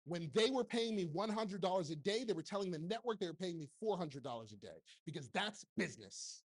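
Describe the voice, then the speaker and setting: His voice sits high, animated and brisk. The man, in his forties, is a keynote speaker and TV producer giving a live stage talk that's motivational, blunt, and full of jokes, posing rhetorical question after rhetorical question into a handheld microphone.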